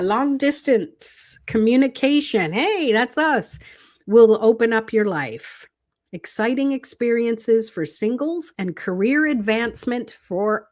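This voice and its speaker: A middle-aged woman hosting a tarot live stream, chatting casually, laughing often and reading viewer comments aloud. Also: a little high.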